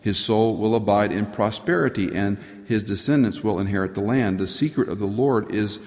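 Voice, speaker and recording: A middle-aged man preaching a sermon, earnest, rising high for emphasis and dropping to a near whisper. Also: normal speed, darkish tone. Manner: earnest, rises in pitch for emphasis, drops to a near whisper at times. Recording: long hall reverb.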